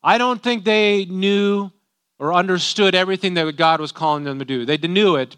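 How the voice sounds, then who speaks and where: A man's voice: sits high, normal speed, a bit bright, clear, resonant tone. A man, a pastor, preaching a sermon in a conversational way, often tagging rhetorical questions.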